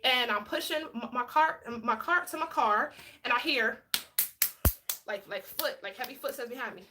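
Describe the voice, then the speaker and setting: Bright, high-voiced outspoken woman vlogger. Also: moderate pace, faint music behind. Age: adult with a child. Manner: animated storytelling, frank and outspoken. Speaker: vlogger and former police officer. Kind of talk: casual talk to camera.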